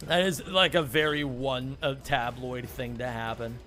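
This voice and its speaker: Bright-voiced young man telling a rambling story. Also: medium pitch, steady tone, unhurried, faint music behind. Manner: rambling storyteller, laughs often, swears freely. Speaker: speedrunner. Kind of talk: casual chat while gaming.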